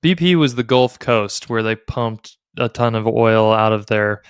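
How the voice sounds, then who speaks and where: A man's voice: mid-range voice, a little slow, clear, resonant tone, no echo, clean studio sound. A man co-hosting a casual podcast conversation, playfully quizzing his co-host like a game show.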